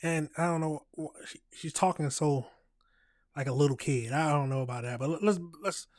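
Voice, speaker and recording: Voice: medium pitch, normal speed, darkish tone, no echo. A show host giving casual reaction commentary, restarting and repeating words.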